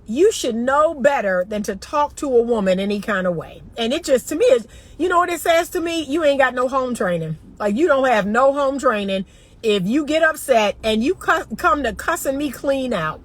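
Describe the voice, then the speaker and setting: A middle-aged woman from the northern US gives dating advice in an emphatic, chatty way, talking straight to her audience. Her voice sits a touch high for a woman, and she leans hard on her points. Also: animated, moderate pace. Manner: emphatic, talks straight to viewers as y'all. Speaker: dating coach. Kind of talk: casual livestream chat.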